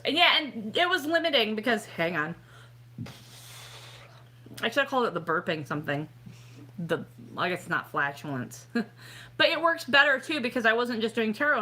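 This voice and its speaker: A tipsy woman hosting a tarot livestream, rambling and self-deprecating, with bursts of excitement. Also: fairly high pitch. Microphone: home webcam livestream.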